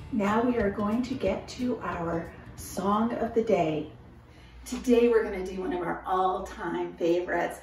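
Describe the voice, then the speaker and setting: A woman leading a children's movement and song lesson from her home, speaking in a slow, encouraging sing-song way. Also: on the high side. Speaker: children's movement and music leader. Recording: echoey room, mic at a distance.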